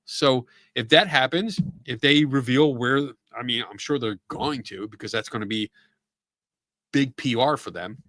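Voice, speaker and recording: A man's voice: medium pitch, measured pace, fairly bright tone, no room sound, studio quality. A middle-aged man with a Philadelphia accent, hosting a casual livestream chat in a loose, rambling way full of fillers and restarts. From Philadelphia area. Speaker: podcast host.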